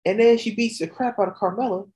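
A wrestling fan venting in a casual rant. The talk swings from high, excited outbursts to a low, frustrated grumble. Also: quick pace.

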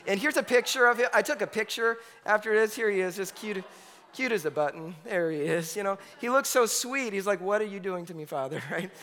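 A man in his thirties preaching a sermon, telling a story in a lively, conversational way with lots of asides. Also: high voice, fairly quick. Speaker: pastor. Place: church hall. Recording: reverberant hall with faint music.

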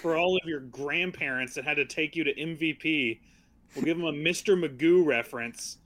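A man co-hosting a casual movie-review podcast. His voice sits somewhat high for a man, and his delivery is sarcastic and loose, full of fillers and quick laughs. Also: a bit bright, a little hiss or hum. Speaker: podcast co-host.

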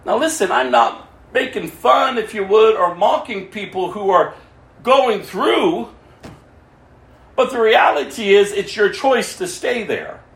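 A man with a notably high voice preaches his testimony with fervor. He swings from loud outbursts to low, hushed passages. The sound carries the echo of a reverberant room. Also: expressive, a little slow, vocal fry. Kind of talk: impassioned testimony sermon.

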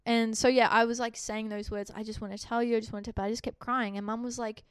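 A woman's voice: fairly high pitch, quick pace, clear, resonant tone, no echo, clean studio sound. A young Australian woman co-hosting a podcast, telling a personal story in casual chat and acting out the dialogue as she goes. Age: young adult. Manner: animated, acts out quoted dialogue in the telling. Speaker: podcast co-host.

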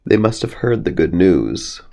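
A man voicing a calm, crafty, wise old rooster in a bedtime storybook. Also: deep voice, unhurried, gravelly, slight background noise, pitched above the performer's own voice, full character voice. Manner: calm, dry.

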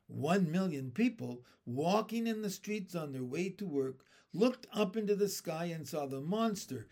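A man reading a children's book aloud, lively and switching his tone for the characters' lines. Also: a little high. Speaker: reader.

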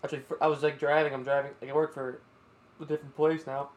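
Quick-talking podcast buddy. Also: male voice, a little high, flat delivery. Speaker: podcast co-host. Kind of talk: casual chat.

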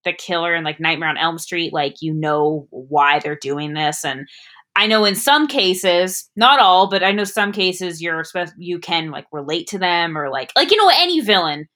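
Woman, podcast co-host, casual movie chat, low-pitched, animated delivery. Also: moderate pace. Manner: animated, jumps pitch when acting out scenes.

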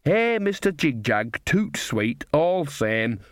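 A man's voice: fairly high pitch, sing-song, takes it slowly, dry recording, studio quality. A man voicing a cheerful, earthy old witch woman who talks boldly and mangles foreign phrases. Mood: gleeful.

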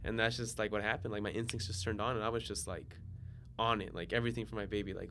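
Young man in his twenties, bright forceful tone, relaxed chatty guest storyteller. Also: lowish voice, fast, gravelly. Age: 20s. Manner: laid-back storytelling, slangy and animated when excited. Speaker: guest, DJ and software engineer. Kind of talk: casual podcast chat.

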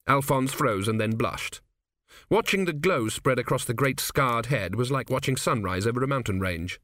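A man reads a comic novel aloud with wry, expressive delivery, his pitch rising and falling in a lively way. The recording is dry and close, with no room sound. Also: moderate pace, dry recording. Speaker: audiobook narrator. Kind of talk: scripted narration.

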